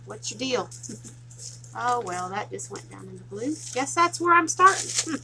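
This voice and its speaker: Walking viewers through a craft project, this Tennessee host talks with a strong Southern twang, keeping it casual and laughing a lot. Her voice runs a little high and sing-song at a moderate pace, with vocal fry and background noise.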